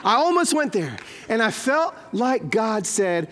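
A man's voice: sits high, measured pace, hardly any pauses, a little hiss or hum. A man in his forties preaching a sermon as a pastor, telling stories with acted-out quotes. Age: 40s. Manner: animated storytelling with acted-out quotes.

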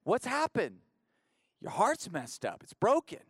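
A pastor preaching a conversational sermon in church, repeating phrases and building rhythmic refrains. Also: male voice, high-pitched, wildly swooping pitch, measured pace, slightly rough, dry recording, studio quality.

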